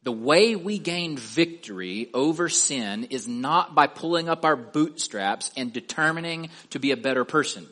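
A man delivers a sermon in a middle-pitched voice. He asks his listeners pointed rhetorical questions, then slows down and drops his voice to stress key words. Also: sharp tone. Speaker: preacher.

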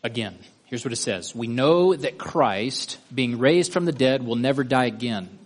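A man's voice: medium pitch, lively intonation, unhurried. A man teaching a Bible study lesson, methodically guiding listeners step by step through a drawing.

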